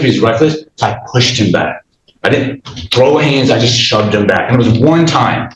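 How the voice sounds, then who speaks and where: A man's voice: mid-range voice, expressive, normal speed, fairly bright tone, roomy sound, a little hiss or hum, poor audio. A man in his thirties testifying in a courtroom, agitated and rambling, restarting his sentences and acting out what others said. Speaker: litigant in small claims court.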